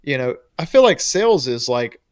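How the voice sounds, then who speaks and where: A man's voice: medium pitch, very animated, normal speed, darkish tone. A man co-hosting a casual trade podcast, talking in a loose, rambling way and laughing often. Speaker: podcast co-host. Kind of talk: casual chat.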